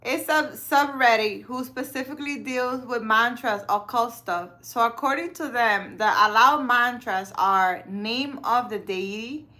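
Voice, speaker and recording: A woman's voice: a little high, measured pace, few pauses, bright, forceful tone. A woman running a casual live stream, reading cards and chatting with viewers by name, laughing often. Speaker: live-stream card reader.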